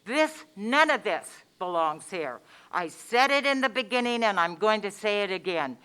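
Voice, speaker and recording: A woman's voice: mid-range voice, lively intonation, normal speed, fairly bright tone, smooth. A woman giving public comment at a county meeting, angry and emphatic, repeating her points.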